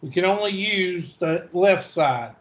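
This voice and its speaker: A man's voice: high voice, lively intonation, slow pace, lo-fi sound. A man teaching a math class online, flustered and talking to himself as he searches for something.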